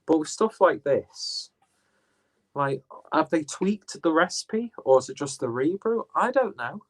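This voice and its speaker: A man's voice: fairly high pitch, lively intonation, measured pace. Rambling, profane man. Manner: rambling, profane, self-correcting. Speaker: beer reviewer. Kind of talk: casual unboxing chat.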